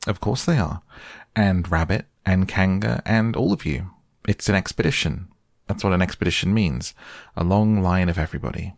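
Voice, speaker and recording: An eager young boy rattles off plans and orders to his friends, as a man puts him on in a storybook reading. The voice is lifted and brisk, still with a gravelly edge. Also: low voice, dry recording, studio quality. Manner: eager, bossy.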